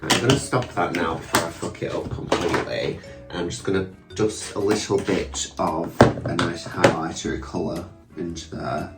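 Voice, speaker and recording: A man's voice: sits low, fairly even intonation, moderate pace, gravelly, echoey room, recorded from a distance, loud music behind the voice. A young man, chatting casually and mockingly about himself through a drag makeup tutorial, with sweary asides. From England. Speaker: drag queen vlogger.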